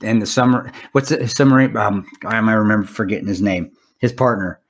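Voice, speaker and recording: A man's voice: fairly low pitch, fairly quick. A man co-hosting a podcast in casual chat, rambling and swearing, with lots of restarts. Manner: rambling, profane, restarts a lot. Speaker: podcast co-host.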